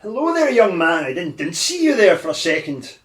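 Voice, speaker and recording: A man voicing a vampire who poses as a gentle, stammering old man in a tabletop game. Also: sits high, very animated, normal speed, far from the mic, pitched above the performer's own voice. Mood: doddering, polite. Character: vampire posing as a doddering kindly old man.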